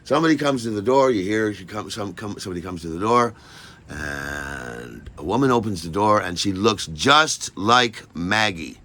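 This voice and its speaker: An older man telling a personal story in an animated way, acting out every voice and lingering on words. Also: on the low side, moderate pace.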